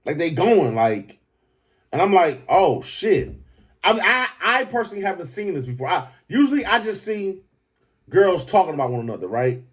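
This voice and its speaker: A man hosting a podcast, talking in a loose, profane, animated commentary style that keeps jumping up into excited high pitches. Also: moderate pace. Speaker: podcast host. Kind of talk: casual commentary monologue.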